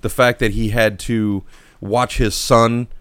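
A man's voice: medium pitch, flat delivery, slow pace, a bit bright, clear, resonant tone, no echo, studio quality. A man co-hosting a casual podcast chat, rambling with many restarts and fillers. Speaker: podcast co-host.

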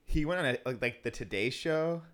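A man in casual sports podcast chat, excitable, laughing often and saying "like" a lot. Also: medium pitch, fairly quick, a little hiss or hum. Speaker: podcast co-host.

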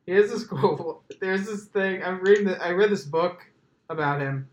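Joking, rambling podcast host in an echoey room. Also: male voice, high voice, normal speed. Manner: profane, joking, rambling with many "like"s. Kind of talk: casual podcast chat.

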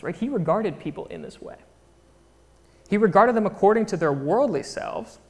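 A man preaching a sermon, telling the story in a conversational, animated way and prompting the congregation to join in. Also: fairly high pitch. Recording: reverberant hall.

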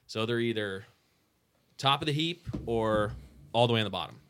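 Bright-voiced man in casual chat. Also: on the low side, animated, normal speed, slight background noise. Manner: conversational, explains sports debate at length. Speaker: podcast co-host.

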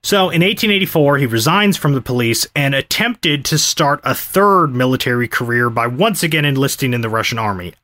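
A man's voice: mid-range voice, animated, brisk, hardly any pauses, sharp tone. A man hosting a podcast, telling a history story in a casual, explanatory way. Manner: conversational, explanatory. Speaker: podcast host.

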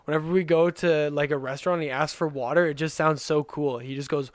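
A man's voice: a little high, fairly even intonation, quick pace, dry recording. A man chatting casually on a podcast, rambling with lots of fillers and the odd swear. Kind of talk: casual chat.

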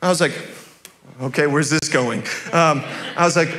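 A young man preaching in a church with a high voice. He keeps it conversational, chuckling often and restarting his sentences. His tone is bright. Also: moderate pace, long pauses. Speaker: pastor. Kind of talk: sermon. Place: church sanctuary.

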